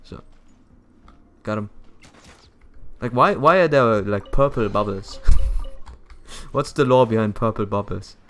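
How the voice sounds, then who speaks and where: Young male gaming streamer, low-ish voice, loose and jokey, lots of restarts. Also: slow pace, pauses often, fairly bright tone, soft background music. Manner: chatty, jokey, frequent stumbles and laughter. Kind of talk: casual gameplay commentary.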